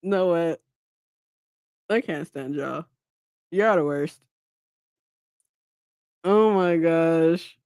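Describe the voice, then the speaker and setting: A woman's voice: fairly low pitch, very slow, pauses often, darkish tone, clear, resonant tone, dry recording, studio quality. A woman hosting a reading livestream, chatting casually with her viewers, laughing often and teasing them. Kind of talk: casual chat with live chat viewers.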